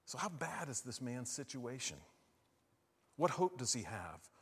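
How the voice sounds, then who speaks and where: A man preaching a sermon, asking his listeners questions and moving between hushed and loud, emphatic lines. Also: medium pitch, very animated, a little slow, husky, big-room sound.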